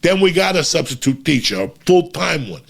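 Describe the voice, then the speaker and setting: A man telling a profane, animated story and acting out the voices of the people in it. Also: fairly high pitch, a little fast, creaky. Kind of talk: casual storytelling.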